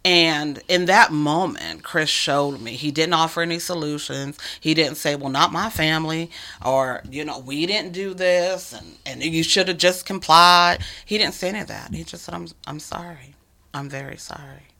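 A woman speaks earnestly in a relaxed conversation, her voice carrying a gravelly texture. Her tone is bright, and she leans into her points with emphasis. On tender lines she sinks to a near whisper. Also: low-pitched, normal speed. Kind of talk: conversational storytelling.

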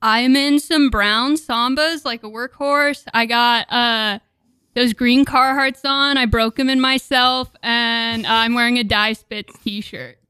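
A woman guitarist talks casually as a radio guest, her voice bright and crisp. She sounds easygoing and a little bashful. The sound is dry and close. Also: fairly high pitch, fairly even intonation, slow, dry recording. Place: radio studio.

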